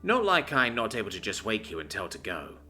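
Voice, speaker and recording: A man voicing a gentle, hulking man who speaks in broken grammar. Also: fairly low pitch, huge pitch swings, fairly quick, faint music behind, heavily acted. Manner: broken grammar, plain and kind.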